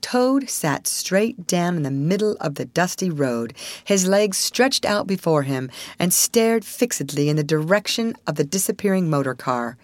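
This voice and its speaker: A woman narrating a classic storybook aloud in an expressive, measured way. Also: lowish voice, no room sound.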